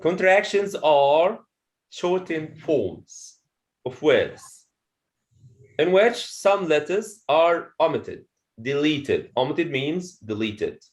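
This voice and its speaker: A man's voice: on the high side, lively intonation, slow. A man teaching a pronunciation lesson to a classroom of students, repeating phrases and checking understanding with "okay?". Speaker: English teacher.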